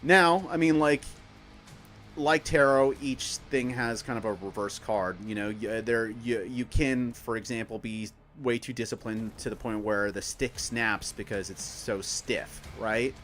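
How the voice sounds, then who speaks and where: A man's voice: medium pitch, a little slow, fairly bright tone, soft background music. A man casually explaining astrology on a stream, rambling with many fillers and restarts. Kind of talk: casual explanatory chat while gaming.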